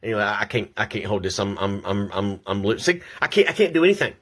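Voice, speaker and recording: Speaking fast from his home, this older vlogger delivers an angry personal rant to camera, shaky, upset and stumbling over the same words again and again. He has a lowish voice with big swings in pitch and a fairly bright tone.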